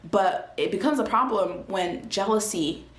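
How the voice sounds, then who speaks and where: A woman's voice: medium pitch, measured pace. Earnest young woman in a roomy space. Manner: earnest and animated, with frequent fillers and restarts. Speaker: vlogger sharing a faith testimony. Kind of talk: casual spoken testimony. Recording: roomy echo.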